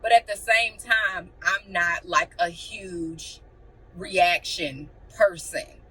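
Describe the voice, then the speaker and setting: Bright-voiced, blunt young woman vlogger. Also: on the low side, takes it slowly, husky, recorded from a distance, rough recording. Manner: blunt, animated, acts out quotes. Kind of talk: casual chat to camera.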